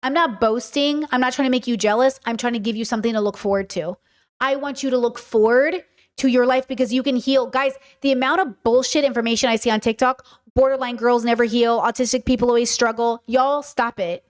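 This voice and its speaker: Blunt, profane woman host, higher voice. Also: fairly even intonation, brisk. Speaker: podcast host. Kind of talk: casual unscripted monologue answering chat.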